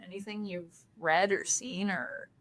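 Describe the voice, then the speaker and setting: A woman's voice: mid-range voice, steady tone, unhurried. A woman co-hosting a podcast in casual chat, speaking hesitantly with frequent fillers. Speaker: podcast co-host.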